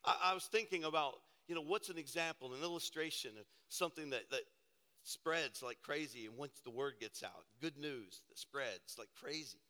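A man preaching a sermon, telling a personal story with animated, self-deprecating humor in a church auditorium. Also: a little high, moderate pace. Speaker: pastor. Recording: hall reverb.

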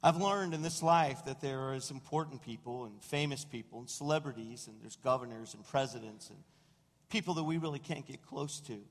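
A man preaching a sermon as senior pastor, telling stories with animated asides and acting out what people said. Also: medium pitch, fairly quick. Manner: storytelling, animated, mimics quoted voices. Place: church sanctuary. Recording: long reverb of a large room.

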